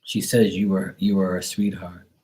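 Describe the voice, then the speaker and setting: Young male psychic reader, very low voice, loose rambling delivery with lots of fillers and casual cursing. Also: level tone, moderate pace, warm tone. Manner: rambling, hesitant, filler-heavy with mild profanity. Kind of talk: live psychic reading.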